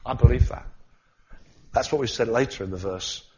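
A man preaching a sermon, swinging from loud cries to quiet asides. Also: mid-range voice, normal speed, a little hiss or hum. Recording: slightly dull sound.

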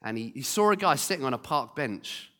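Animated pastor preaching. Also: male voice, mid-range voice, a little fast. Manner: humorous storytelling, animated. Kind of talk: sermon. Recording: long hall reverb.

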